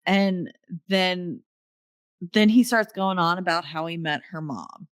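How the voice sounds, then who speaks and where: Low-voiced woman recapping a film. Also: slow, smooth, dry recording, clean studio sound. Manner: relaxed plot recap with fillers, acting out lines. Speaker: podcast co-host. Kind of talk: casual chat recapping a horror film.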